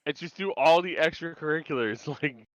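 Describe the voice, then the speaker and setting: A man's voice: fairly high pitch, normal speed, no echo, muffled recording. A man co-hosting a podcast, recapping a TV episode in casual chat. He makes wry jokes and laughs along. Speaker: podcast co-host.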